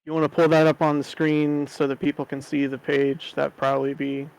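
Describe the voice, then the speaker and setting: A man co-hosting a casual podcast who speaks in an unhurried, matter-of-fact way. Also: on the high side, level tone, creaky, smooth, no room sound, poor audio. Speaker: podcast co-host. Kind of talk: casual chat.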